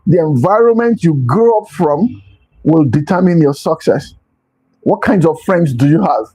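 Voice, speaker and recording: A man's voice: on the high side, lively intonation, a little slow, dark tone, breathy edge, low-quality recording. A man giving a motivational talk as host, stressing points by repeating them. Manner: emphatic, repeats key phrases.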